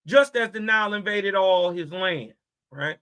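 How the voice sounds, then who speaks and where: Slow, bright-voiced mocking man. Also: high-pitched, smooth. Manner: mocking, laughing, street slang, checks in with listeners. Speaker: host reading and commenting on scripture. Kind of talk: casual religious commentary.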